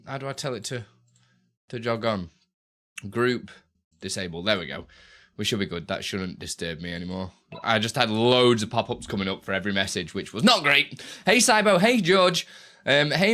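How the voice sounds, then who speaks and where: A man's voice: medium pitch, animated, moderate pace, sharp tone. A young man live-streaming, chatting casually with viewers while he tinkers with his setup, often tripping over and repeating his words.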